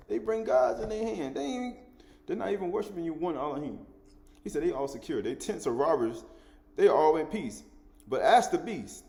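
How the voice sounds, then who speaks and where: A man preaching a sermon, teaching in an animated way, repeating and restating his words and chuckling as he goes. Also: fairly high pitch.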